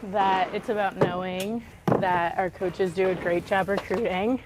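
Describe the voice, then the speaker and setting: A young woman, a college softball player, giving calm and thoughtful interview answers, often saying like and um. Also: mid-range voice, measured pace, noisy background. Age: young adult.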